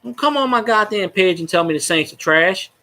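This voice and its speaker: Profane, rambling man, bright voice. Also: high voice, expressive, fairly quick. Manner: rambling, profane, talks to viewers in chat. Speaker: fan vlogger. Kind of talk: casual livestream chat.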